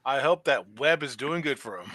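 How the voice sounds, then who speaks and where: A man co-hosting a casual live stream, jokey and quick to laugh. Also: medium pitch, animated, bright, forceful tone, no room sound. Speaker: co-host.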